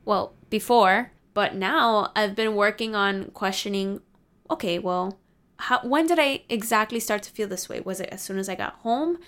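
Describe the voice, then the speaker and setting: A woman's voice: medium pitch, moderate pace, fairly bright tone. A young adult woman vlogger giving casual, candid life advice to her viewers, confiding and swearing freely.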